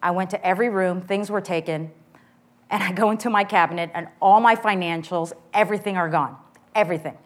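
Woman with a lowish voice telling her story. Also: brisk. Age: middle-aged. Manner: earnest, candid storytelling. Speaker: church member giving testimony. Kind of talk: personal testimony.

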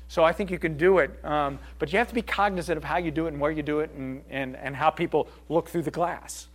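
An earnest middle-aged man talks informally to a small group, his voice sitting a little higher than most men's. He speaks in a loose, conversational way and keeps checking in with his listeners. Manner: earnest, conversational, leans on tag questions. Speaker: speaker leading a group session. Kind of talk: informal talk with audience questions.

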